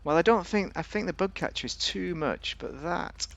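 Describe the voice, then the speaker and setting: A man's voice: sits high, normal speed, vocal fry, fairly bright tone, lo-fi sound. A man giving a casual, rambling, jokey commentary while reviewing a car in a video game.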